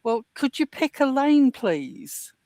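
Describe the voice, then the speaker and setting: A woman from the English Midlands with a slightly softened Midlands accent, chatting as a co-host in a dry, sarcastic, mock-indignant way. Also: high-pitched, big pitch swings, slow pace, no room sound. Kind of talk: casual podcast chat.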